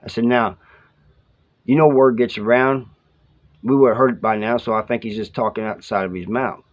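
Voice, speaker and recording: A man's voice: mid-range voice, fairly even intonation, normal speed. A man who served time telling his prison stories in a casual, rambling way, full of slang, acting out the lines of the people he talks about. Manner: rambling, colloquial, quotes others in dialogue. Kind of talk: casual storytelling to camera. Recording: slightly dull lo-fi audio.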